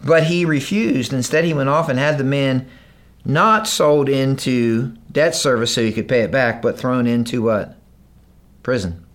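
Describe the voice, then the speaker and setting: A man preaching a sermon, moving between loud, emphatic lines and hushed, low delivery, and acting out the voices in the story he reads. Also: measured pace. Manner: acts out the parable's characters in raised voices. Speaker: pastor.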